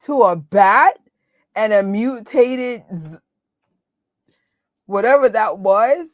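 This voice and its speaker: Fairly high-pitched and expressive, a woman takes her time while hosting a live movie watch party, her voice clean and echo-free in the studio. She erupts into emotional, exclaiming rants and jokes along with frequent laughs.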